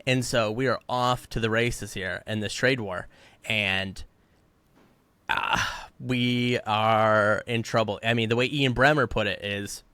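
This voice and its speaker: A man's voice: on the low side, steady tone, measured pace, bright, forceful tone, clean tone, dry recording. A man co-hosting a podcast, fired up and ranting in heated political commentary, mocking the people he quotes. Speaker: podcast co-host.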